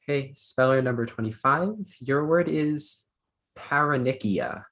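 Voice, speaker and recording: A man acting as pronouncer at an online spelling bee, reading words and definitions in a measured way with small fillers. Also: mid-range voice, fairly bright tone. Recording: dull lo-fi online audio.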